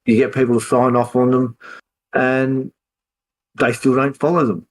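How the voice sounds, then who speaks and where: A man on a live stream, explaining in a measured way with hesitant fillers. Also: mid-range voice, flat delivery, rough recording. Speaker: co-host.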